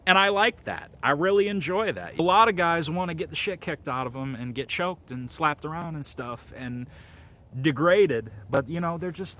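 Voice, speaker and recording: A man hosting a comic video, rambling crudely with lots of fillers and deadpan bragging. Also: a little high. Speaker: comedy video host.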